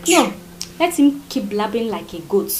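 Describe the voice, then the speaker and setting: A woman's voice: medium pitch, big pitch swings, moderate pace, faint music behind, close to an everyday voice, low-quality recording. A woman with a Nigerian accent playing a young village woman who mocks and gossips. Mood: mocking. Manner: dismissive, mocking. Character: young village daughter, dismissive.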